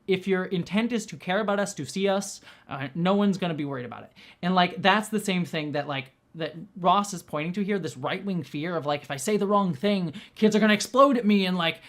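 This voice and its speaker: A young adult woman host talking casually, rambling with many restarts and fillers. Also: on the low side. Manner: rambling, heavy use of "like", frequent restarts. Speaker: host and director. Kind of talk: casual commentary.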